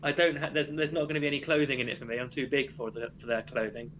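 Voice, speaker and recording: A man's voice: mid-range voice, fast talker, fairly bright tone, slight background noise. Hesitant man, chuckling. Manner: hesitant, self-deprecating, chuckling. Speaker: player. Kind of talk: casual game banter.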